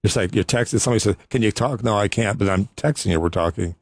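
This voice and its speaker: Fast-talking chatty male radio host. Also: lowish voice, no room sound, studio quality. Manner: quick, chatty, laughs often. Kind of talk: casual radio talk.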